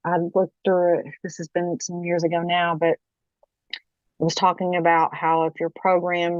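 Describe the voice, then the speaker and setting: Halting woman recounting testimony, dry sound. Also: lowish voice, dry recording, lo-fi sound. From Kentucky, USA. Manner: halting, frequent restarts, keeps checking with "okay?". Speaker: guest. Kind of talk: personal testimony in interview.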